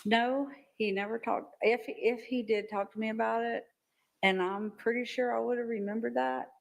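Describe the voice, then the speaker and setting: An older woman testifying as a witness in a courtroom. She talks haltingly and often repeats words as she recalls events. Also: fairly high pitch, fairly even intonation, creaky, rough recording. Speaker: trial witness.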